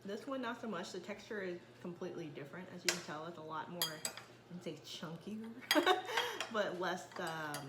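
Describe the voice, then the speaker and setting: A woman's voice: fairly low pitch, very animated, normal speed, heavy background noise. Playful woman taste testing, voice bouncing around a lot, echoey kitchen w dishes clattering. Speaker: taste tester. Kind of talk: casual chat. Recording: echoey room with background clatter.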